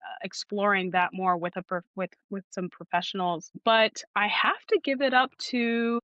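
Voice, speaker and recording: A woman's voice: medium pitch, normal speed, sharp tone, no room sound, highs cut off. A woman audiobook narrator talking in a casual podcast interview, thoughtful and often restarting her sentences.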